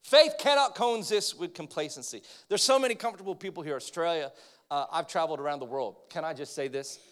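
An American man preaching a sermon to a congregation, talking in an energetic, joking way that rises to emphatic points. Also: on the high side, fast talker. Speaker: pastor. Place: church, in front of a congregation.

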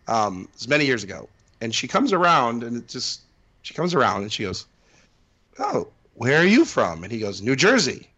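A man chats as a podcast co-host, his pitch rising and falling a lot as he tells stories. He rambles, stopping to restart his sentences and filling the gaps with ums and uhs. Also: very animated, fairly quick, pushed and bright. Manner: rambling, many fillers and restarts. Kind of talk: casual chat.

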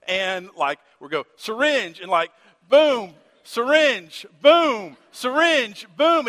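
A man's voice: sits high, bright, forceful tone. A man, a pastor preaching a sermon and telling a candid, self-mocking personal story in a church. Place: church sanctuary. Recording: reverberant church hall.

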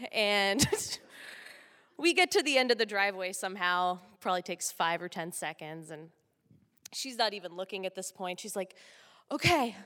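Bright-voiced woman telling a story on stage. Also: mid-range voice. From Texas. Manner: animated, laughing often. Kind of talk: live comic storytelling. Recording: long hall reverb.

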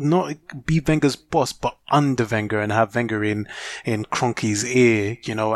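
A man's voice: on the low side, dry recording. A man co-hosting a casual football podcast, heated and opinionated, with lots of fillers and restarts. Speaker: podcast co-host.

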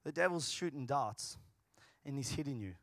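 A man preaching a sermon as pastor, moving between casual, joking asides and loud, passionate bursts. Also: medium pitch, expressive, normal speed, dry recording, clean studio sound. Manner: swings from quiet talk to loud, passionate preaching.

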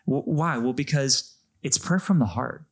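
A man co-hosting a podcast, talking through a Bible passage in a lively, casual way and acting out the quotes. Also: mid-range voice, a little slow, breathy edge. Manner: animated, acts out quotes with shifting voice. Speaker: podcast co-host.

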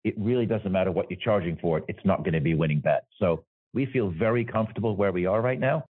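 A man's voice: deep voice, fast talker, slightly rough, no room sound. A man working as an insurance executive, explaining his business in an interview and often checking in with "right?". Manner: explanatory, tags points with "right?". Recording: dry, phone-like remote audio.

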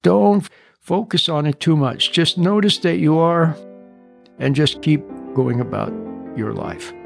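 A man's voice: on the high side, unhurried, creaky, music in the background. A man hosting a podcast, speaking off the cuff and plain-spoken, often repeating his key points. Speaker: podcast host. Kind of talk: unscripted advice talk.

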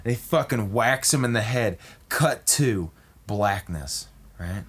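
A man's voice: on the low side, lively intonation, slow pace, slightly rough. A man in a casual chat, telling a crude story in a profane, rambling way full of restarts.

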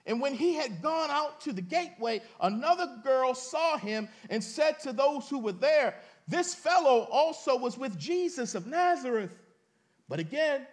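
A man with a strikingly high voice delivers a sermon. He reads scripture aloud, then talks straight to the congregation in loose, everyday words, and now and then his voice climbs into a shout. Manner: preaching with dramatic rises and shouts, reading scripture aloud; colloquial, addresses the congregation directly. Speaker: pastor.

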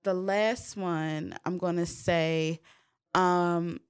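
Woman co-host, blunt and laughing often, clear smooth voice. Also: lowish voice, steady tone, drawn-out words. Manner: blunt, giggly, lots of fillers. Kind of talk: casual chat.

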